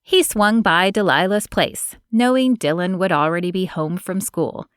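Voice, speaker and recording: A woman reading an audiobook as narrator, in an even, measured manner, close to the mic. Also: on the low side, clean tone, no echo. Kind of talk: scripted narration.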